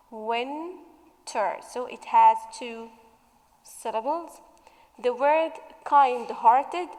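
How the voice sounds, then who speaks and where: A woman English teacher going through a revision worksheet, stretching out example words slowly as she explains. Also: high voice, long reverb tail, low-quality recording.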